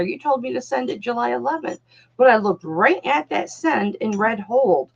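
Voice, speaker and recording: A woman's voice: on the high side, lively intonation, normal speed, vocal fry, husky. A woman hosting a live online jewelry auction, chatting casually and calling viewers darling, honey and doll. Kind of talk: casual live-stream selling chat. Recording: dull lo-fi sound.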